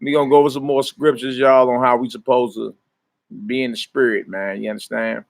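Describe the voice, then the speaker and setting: A man teaching scripture in a casual livestream sermon, talking to his viewers in relaxed street slang and greeting them by name. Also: mid-range voice, a little fast, creaky.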